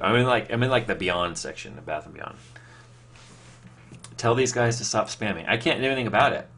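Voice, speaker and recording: Rambling low-voiced man streaming live. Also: lively intonation, fairly quick, pauses often, a bit bright. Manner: rambling, loose, full of fillers and restarts; reads viewer questions aloud and answers off the cuff. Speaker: streamer answering chat. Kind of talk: casual live stream chat.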